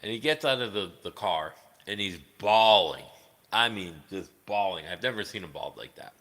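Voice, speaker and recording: A man's voice: lowish voice, lively intonation, moderate pace, a bit bright, in a large hall. A man chatting casually on a livestream, rambling and swearing, with many fillers. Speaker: livestreaming guitarist.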